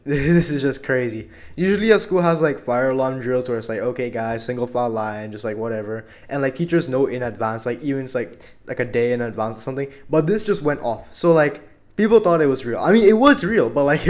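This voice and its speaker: A man's voice: mid-range voice, brisk. A young man casually telling a story about his school days, rambling and full of fillers. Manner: rambling, filler-heavy, animated retelling.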